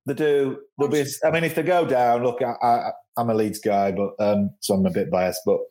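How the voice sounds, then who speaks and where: A man talking football in a casual chat, animated in his delivery. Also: medium pitch, brisk. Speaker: football pundit.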